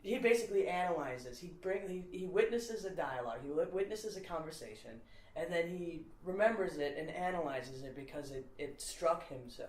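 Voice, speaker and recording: A woman's voice: lowish voice, expressive, normal speed, darkish tone. A woman comedian chatting casually, rambling and packing her talk with fillers. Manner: rambling, filler-heavy with lots of "like". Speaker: comedian co-host. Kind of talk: casual chat. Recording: echoey room.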